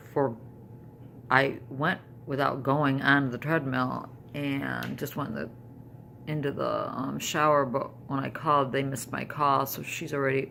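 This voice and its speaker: A woman's voice: very deep voice, creaky, fairly bright tone, slight background noise. An older woman talking casually to camera at home in a personal vlog, rambling with restarts and trailing thoughts. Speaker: vlogger.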